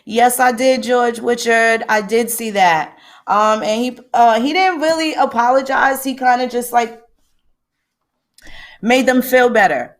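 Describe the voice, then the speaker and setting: A woman's voice: on the high side, unhurried. A woman hosting a livestream, ranting emphatically with a lot of profanity and greeting viewers by name. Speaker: livestream host. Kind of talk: livestream commentary.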